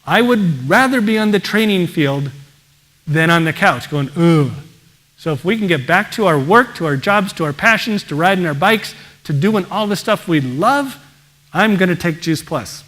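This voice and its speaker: Brief: male pediatrician presenter, upbeat and exclamatory, slightly high voice. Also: normal speed. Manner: energetic, exclaims wow often. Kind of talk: enthusiastic presentation talk.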